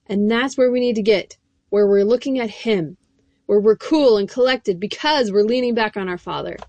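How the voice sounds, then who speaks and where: A woman's voice: on the high side, a little mellow. A woman preaching a sermon, reading scripture and speaking earnestly and emphatically straight to her listeners.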